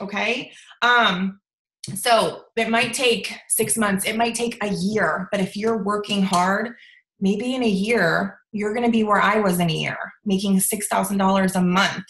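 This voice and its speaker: A woman's voice: mid-range voice, steady tone, unhurried, fairly bright tone, roomy sound, a little hiss or hum, rough recording. A young woman leading a sales team, giving an emphatic motivational talk on a video call and often asking "okay?" and saying "you guys". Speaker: team leader of a sales business.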